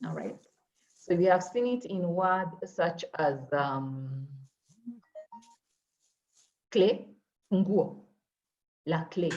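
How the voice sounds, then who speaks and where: A woman teaching an online French class, explaining patiently with many pauses and fillers. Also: lowish voice, muffled recording. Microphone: video call.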